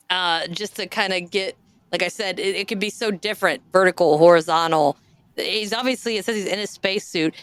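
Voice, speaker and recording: A woman's voice: mid-range voice, smooth, no room sound. A woman hosting a podcast, chatting casually and reading listener stories aloud with jokey asides. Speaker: podcast host.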